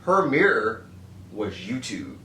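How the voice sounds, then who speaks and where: A man's voice: lowish voice, huge pitch swings, slow, bright, forceful tone. A young adult man co-hosting a casual podcast, slangy and profane, making his points emphatically. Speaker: podcast co-host. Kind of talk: casual chat. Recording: echoey room, somewhat far from the mic, faint noise.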